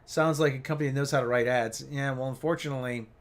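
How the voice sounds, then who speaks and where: A man's voice: mid-range voice, steady tone, fast. A man hosting a casual livestream chat, rambling with many restarts and asides. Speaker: livestream host.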